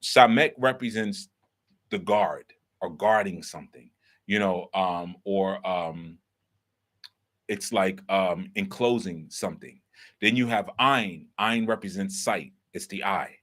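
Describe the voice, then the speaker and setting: Taking his time, a low-pitched man with a somewhat bright voice hosts and teaches in an easygoing, explanatory way. He poses rhetorical questions and checks that the listener is following with "right?"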